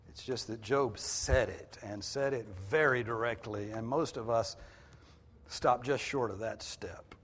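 A man's voice: mid-range voice, husky. Man preaching in a reverberant hall. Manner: conversational, explains scripture in plain everyday words. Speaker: pastor. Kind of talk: sermon. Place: church hall with a congregation. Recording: long reverb of a large hall.

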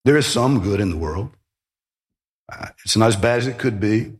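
A man's voice: lowish voice, lively intonation, moderate pace. A man preaching a sermon, emphatic, with rhetorical questions and sudden rises in emphasis. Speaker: pastor.

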